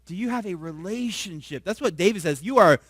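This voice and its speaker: A pastor with a high, bright voice preaches to his congregation and keeps checking in with "right?". His delivery jumps from hushed asides to forceful, emphatic lines. The sound is close and dry, with no room echo. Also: animated, a little fast. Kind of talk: sermon.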